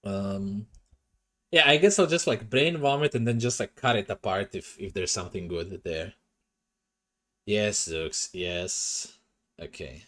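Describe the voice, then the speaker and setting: A man's voice: lowish voice, unhurried, bright, forceful tone. A young man streaming from home into a desk mic, chatting casually with his viewers, swearing and sounding self-conscious. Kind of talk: casual livestream chat. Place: home room. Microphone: desk microphone.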